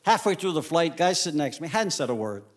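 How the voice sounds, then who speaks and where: A male comedian telling animated stand-up stories on stage, acting out the people in them. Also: a little high. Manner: animated storytelling, acts out characters in quick asides. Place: comedy stage before a live audience. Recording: live club recording with audience noise.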